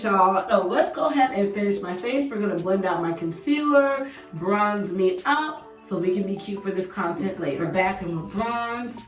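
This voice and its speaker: A young woman tells a story to her viewers while she does her makeup, in a chatty, animated way. She sounds a little distant from the mic in an echoey room, with faint music playing behind her. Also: medium pitch. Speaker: beauty vlogger. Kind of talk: casual storytime chat while doing makeup. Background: faint background music.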